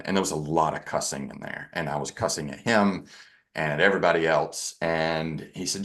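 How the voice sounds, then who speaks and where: Male podcast guest, very low register, candid self-deprecating storyteller. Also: normal speed, a bit bright. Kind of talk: personal storytelling in conversation.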